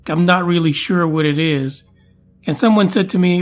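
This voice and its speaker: A man's voice: high-pitched, normal speed. A man hosting a podcast in a casual, jokey, chatty way with playful asides. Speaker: podcast host.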